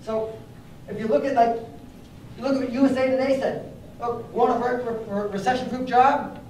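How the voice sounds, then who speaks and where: A young man with a strikingly high voice gives an energetic motivational training talk, quizzing his audience as he goes. The sound is heavily echoey, captured from some distance away in a room with a faint background hiss. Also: normal speed. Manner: energetic, storytelling, asks the audience questions. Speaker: network marketing trainer.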